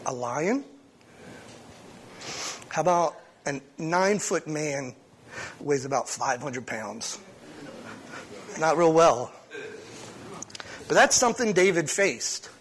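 A pastor reading a psalm aloud and then preaching a short sermon at a church service, talking conversationally with frequent restarts. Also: male voice, a little high, animated, slow pace, long pauses, a little hiss or hum. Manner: conversational, with frequent restarts and sudden swings in loudness.

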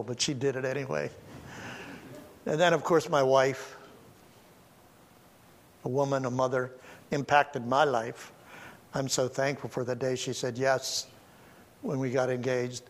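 A man's voice: medium pitch, creaky. A man in his seventies, a pastor, preaching a Mother's Day sermon in a folksy, conversational storytelling way. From United States. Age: 70s.

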